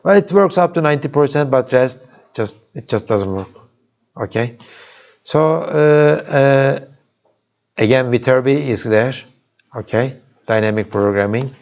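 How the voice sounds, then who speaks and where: A man with a Turkish accent lectures at a university in a medium-pitched, slightly mellow voice, speaking a little slowly with long pauses. His style is casual, with many restarts and check-ins with students, captured live in a lecture hall.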